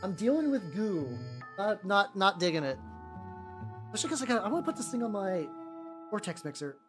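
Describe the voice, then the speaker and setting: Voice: medium pitch, sing-song, brisk. A VTuber chatting casually while painting miniatures, rambling and profane, full of fillers and restarts. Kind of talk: casual live-stream chat while working. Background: faint background music.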